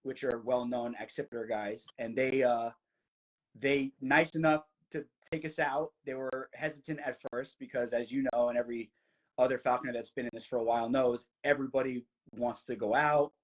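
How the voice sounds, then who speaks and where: A young man from New Jersey, a podcast guest, telling a story in casual chat, fast and eager, full of "like" fillers. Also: mid-range voice, highs cut off. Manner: excited, fast, many "like" fillers.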